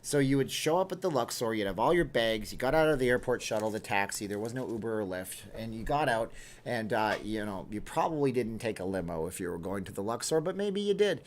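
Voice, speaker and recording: A man's voice: on the low side, lively intonation, a little fast. A man in his thirties hosting a casual livestream, reading viewer comments aloud and answering them. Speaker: livestream host.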